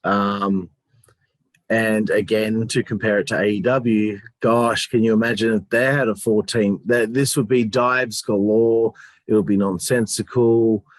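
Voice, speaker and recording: A man with a fairly low voice co-hosts a casual review chat. He rambles and hesitates, fills the gaps with ums, and swears casually. The sound is dry and close. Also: fairly even intonation, a little slow, no echo. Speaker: podcast co-host.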